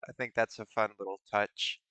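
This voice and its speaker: A man's voice: on the low side, steady tone, normal speed, bright, forceful tone, clean tone, no echo. A man hosting a stream in casual, rambling chat, musing aloud in a playful way. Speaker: streamer host.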